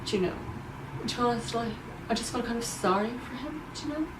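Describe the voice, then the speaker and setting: A woman's voice: on the high side, fast talker, roomy sound, far from the mic, natural voice. A self-absorbed young artist, as an actress plays her, talks smugly to camera in an easy mid-range voice, rambling and tagging on "do you know". The room rings around her, the mic sits well back, and a faint hum runs underneath. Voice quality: rambling, smug, says "do you know" constantly. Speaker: vlogger. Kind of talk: comedy monologue to camera.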